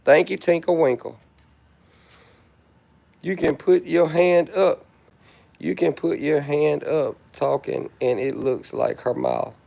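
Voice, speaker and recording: A man's voice: on the high side, slow, vocal fry, pauses often, a little mellow. A man hosting a live stream, sassily and theatrically roasting a commenter in mock-pleading asides. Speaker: livestreamer.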